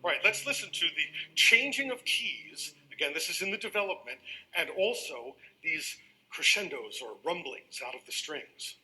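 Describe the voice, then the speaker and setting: Bright, animated male music lecturer. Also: a little high, moderate pace, low-quality recording. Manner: animated, leads the audience in counting and rhythm. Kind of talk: lecture to a live audience.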